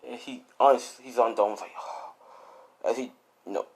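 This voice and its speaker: A man's voice: medium pitch, unhurried, husky. Rambling man telling a fan story. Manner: rambling, full of fillers. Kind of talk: improvised fan-story narration.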